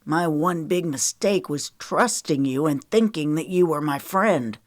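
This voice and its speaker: A woman's voice: low-pitched, unhurried, no room sound, clean studio sound. A woman reading the lines of a level-headed male former Navy SEAL in an audiobook.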